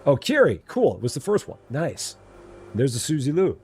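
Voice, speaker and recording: A man's voice: medium pitch, huge pitch swings, moderate pace, darkish tone, slightly rough. A man from Illinois hosting a live game stream, chatting playfully and answering viewers. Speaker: live-stream gamer host. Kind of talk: casual live-stream chat.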